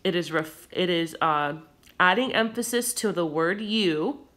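A woman teacher explaining a recorded grammar lesson patiently and clearly, with occasional fillers. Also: lowish voice, animated, a little slow, a bit bright.

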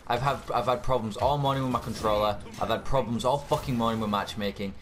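A man's voice: mid-range voice, steady tone, fast talker, background noise. Swearing, furious gamer man. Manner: angry, swearing, exasperated. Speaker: gaming YouTuber. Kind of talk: ranting gameplay commentary.

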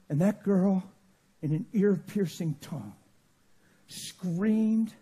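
A man preaching a sermon in a church, telling stories that swing from loud bursts to hushed quiet. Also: high voice, extremely slow, long pauses, breathy edge.

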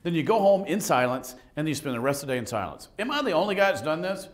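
A middle-aged man preaching a lively sermon in a church, joking with the congregation and acting out conversations as he tells stories. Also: a little high, fast talker. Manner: animated, joking, acts out conversations. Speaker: pastor. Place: church sanctuary.

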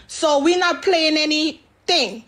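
A woman's voice: high voice, slow pace, a bit bright. A woman from the Caribbean on a live call, speaking earnestly and reassuringly. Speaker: caller.

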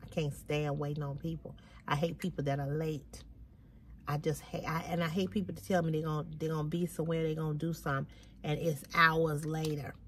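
A woman's voice: sits low, little pitch movement, fairly quick, slight background noise. A woman vlogger talking casually to her viewers, sounding weary, sighing often and repeating her points for emphasis. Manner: weary, venting, with frequent heavy sighs. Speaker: fashion vlogger. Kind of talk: casual chat to camera.

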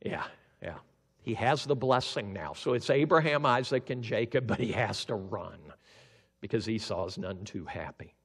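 A male pastor telling a Bible story as a sermon, animated and acting out the characters. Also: fairly low pitch, normal speed, breathy edge. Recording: long hall reverb.

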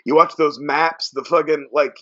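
A man's voice: on the high side, fairly even intonation, moderate pace, sharp tone. A man co-hosting a podcast in casual chat, emphatic and swearing freely. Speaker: podcast co-host. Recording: dull lo-fi sound.

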